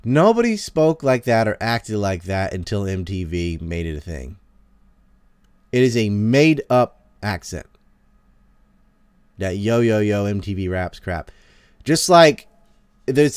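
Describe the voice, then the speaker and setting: A man's voice: medium pitch, clean tone, no room sound. A man, ranting in a heated, sarcastic and profane way as he hosts a podcast. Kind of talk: casual ranting monologue.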